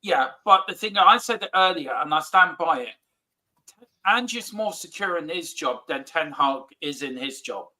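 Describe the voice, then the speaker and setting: A man chatting as a football fan on a live watchalong, excitable and cheering the play aloud. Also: fairly high pitch, moderate pace, low-quality recording. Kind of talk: casual watchalong banter.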